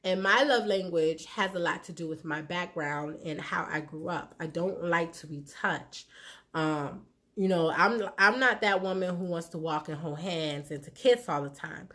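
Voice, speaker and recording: A woman's voice: lowish voice, normal speed, pushed and bright. A woman in her thirties talking candidly to her viewers about her marriage, frank and conversational, acting out what people said. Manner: frank and conversational, acts out quoted lines. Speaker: vlogger giving relationship advice. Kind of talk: candid personal talk to viewers.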